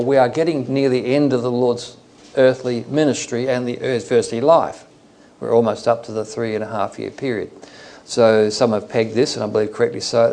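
Gravelly man teaching from the Bible. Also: medium pitch, darkish tone. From Australia. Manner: conversational, digressive, with fillers. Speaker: preacher.

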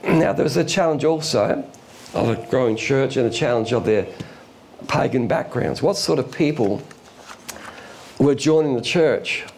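A man preaching a sermon in a folksy, illustrative way, with quick asides and chuckles. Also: medium pitch, a little mellow, a little hiss or hum. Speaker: pastor.

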